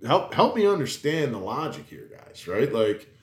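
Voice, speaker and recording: A man's voice: mid-range voice, very animated, normal speed. A man chatting casually on a podcast, rambling and emphatic, swearing, with many restarts. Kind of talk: casual chat. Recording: roomy echo.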